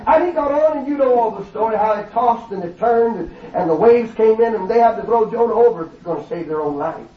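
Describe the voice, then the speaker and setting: A man's voice: high-pitched, lively intonation, fast talker, hardly any pauses. A man preaching a fervent, folksy sermon in a church, often calling out hallelujah. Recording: distant, roomy, dull sound.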